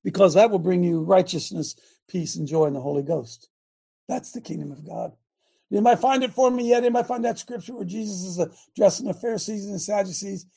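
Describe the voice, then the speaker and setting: An older man hosting a talk radio show, delivering a fiery, repetitive preachy rant that rises to shouts. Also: high voice, expressive, fairly quick, creaky, slightly rough.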